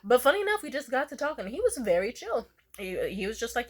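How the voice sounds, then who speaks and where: A young woman in casual storytime chat, animated and swearing freely, jumping into squeaky high voices when she quotes people. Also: moderate pace. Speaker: vlogger.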